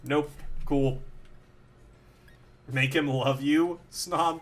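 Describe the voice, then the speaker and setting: A man's voice: mid-range voice, takes it slowly, long pauses, fairly bright tone. A young man streaming a video game live, chatting with viewers and cheering on his creature with fillers and playful coaxing.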